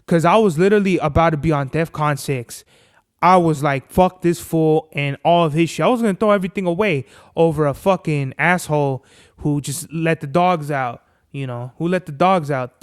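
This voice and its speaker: A man hosts a laid-back podcast, cursing freely and telling his stories with lots of energy. His voice sits fairly high for a man, clear and smooth. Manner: profane, animated storytelling with acted-out quotes. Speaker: podcast host. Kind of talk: casual chat.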